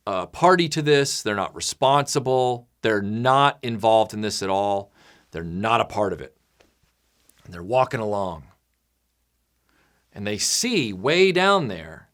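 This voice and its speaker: A man speaking casually to his supporters in a lively, swooping voice of middling pitch. He rambles through a long setup, restarting phrases as he goes. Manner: animated, rambling storytelling with restarts. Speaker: creator addressing patrons. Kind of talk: casual monologue.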